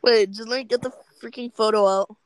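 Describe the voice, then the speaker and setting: A woman's voice: a little high, fairly even intonation, a little fast, dry recording, rough recording. A teenage girl chatting casually with friends, rambling with lots of fillers and teasing. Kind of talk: casual chat among friends.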